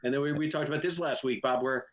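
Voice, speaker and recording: A middle-aged comedian on a video call, joking and rambling through anecdotes in casual chat. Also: male voice, medium pitch, fairly even intonation, quick pace. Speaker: comedian panelist.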